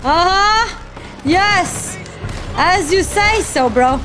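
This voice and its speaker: An excitable woman reacting to a video game as she plays, laughing, swearing and calling everyone bro. Her voice is very high and lively but her talk is slow and drawn out, with game music playing loudly behind. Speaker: gaming streamer. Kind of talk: live game reaction commentary.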